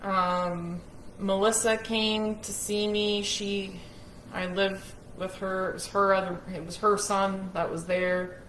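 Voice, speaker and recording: A frank woman recounts her own experience in a slow, unhurried way, her tone bright and a bit sharp. She speaks candidly and unashamedly. The room around her rings with a roomy echo. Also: mid-range voice, little pitch movement, slight background noise. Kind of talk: personal storytelling to camera.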